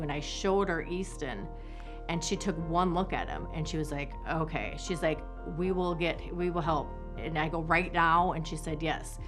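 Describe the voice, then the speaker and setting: A woman, a mother recounting her family's story in a halting, heartfelt interview. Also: deep voice, fairly even intonation, over music. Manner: halting, with many restarts, reliving events. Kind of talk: personal testimony interview.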